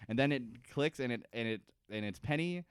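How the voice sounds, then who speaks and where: A man's voice: mid-range voice, lively intonation, a little fast, clear, resonant tone, dry recording. A young adult man co-hosting a podcast, retelling scenes animatedly and swearing freely. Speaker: podcast co-host. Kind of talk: casual chat.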